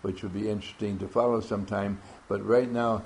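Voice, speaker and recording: A man's voice: lowish voice, flat delivery, fairly quick, gravelly, a little mellow. A man leading a workshop, calling out names to his group and teasing them playfully. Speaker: workshop leader taking roll call. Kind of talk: classroom talk to a group.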